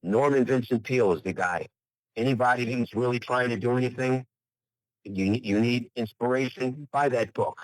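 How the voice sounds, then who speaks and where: An older American man, a retired pro bodybuilder, is a guest in an enthusiastic, motivational interview, repeating phrases for emphasis. His mid-range voice moves at a moderate pace. The audio is poor but free of echo.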